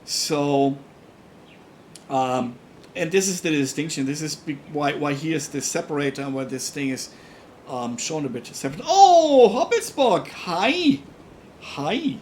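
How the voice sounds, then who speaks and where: Young German-accented man, slightly high voice, casual halting live-coding tutor. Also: steady tone, a little hiss or hum. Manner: halting, repeats words, thinks aloud while working. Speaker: livestream programming tutor.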